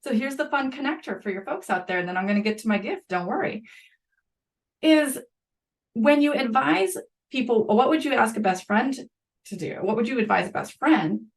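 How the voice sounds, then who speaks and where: Her voice fairly high, a middle-aged woman talks about her work as a school psychologist during a podcast interview. The conversation is lively, peppered with quick asides.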